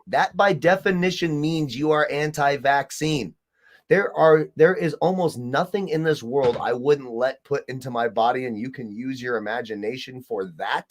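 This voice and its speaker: A man's voice: medium pitch, normal speed. A man co-hosting a sports podcast, talking casually and ranting with heavy swearing. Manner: profane, ranting. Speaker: podcast co-host.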